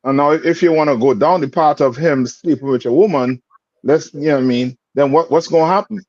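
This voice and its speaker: A man's voice: a little high, fairly quick, a little mellow, dry recording. Guy leading a bible class, keeps checking you understand, muffled lo-fi, dry. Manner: plain street-talk phrasing. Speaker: class teacher. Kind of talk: scripture class teaching. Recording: dull lo-fi sound.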